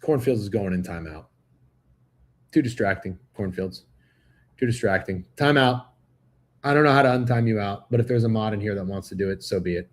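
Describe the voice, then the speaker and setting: A man with a fairly low voice hosts a sports betting livestream, talking a little fast with long pauses. He chats casually and profanely, addressing his viewers directly.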